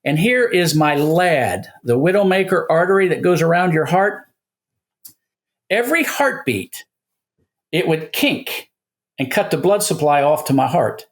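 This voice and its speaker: A man's voice: on the high side, animated, a little slow. A man in his seventies, a guest in an interview, telling a story in a casual way and acting out the dialogue he quotes. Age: 70s.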